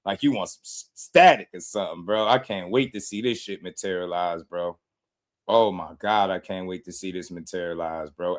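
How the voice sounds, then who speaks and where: Pitched on the low side, a boxing podcast host talks excitedly on a livestream, laughing and animated. His volume keeps swinging from loud shouts to quiet mutters.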